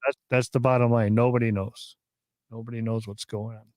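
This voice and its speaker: A man hosting a live podcast, talking casually and excitedly, with many fillers and restarts. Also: medium pitch, a little fast, no echo, studio quality. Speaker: podcast host.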